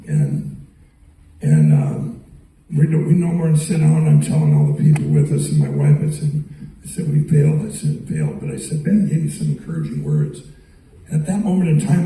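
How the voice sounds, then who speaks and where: Gravelly man telling stories in an echoey hall. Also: on the high side, warm tone, slight background noise. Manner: rambling, repetitive storyteller who acts out dialogue. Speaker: guest speaker at a public event. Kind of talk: anecdotal speech to a live audience. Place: arts center hall. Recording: echoey hall picked up from far off.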